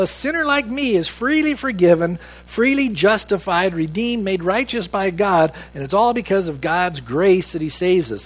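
A man preaching a sermon as a pastor, emphatic and quoting scripture in a slower voice. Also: high voice.

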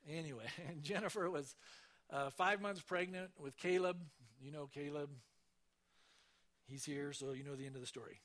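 A man telling personal stories from a church stage in a casual, animated way, acting out the quoted voices. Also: fairly high pitch, moderate pace, long pauses. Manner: conversational, animated storytelling with acted quotes. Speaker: church speaker giving testimony. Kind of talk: sermon testimony storytelling.

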